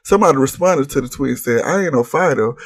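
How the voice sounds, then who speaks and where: A man's voice: mid-range voice, expressive, fast, husky, no room sound, clean studio sound. A man hosting a casual reality TV recap vlog, blunt and profane as he reads viewers' posts and mocks the cast. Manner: brash, blunt, profane trash-talk with laughs.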